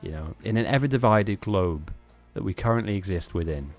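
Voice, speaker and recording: A man's voice: lowish voice, expressive, fairly quick, a little mellow, faint music behind. A man hosting a live-streamed game tournament, chatting casually in a rambling, self-mocking way with frequent laughs.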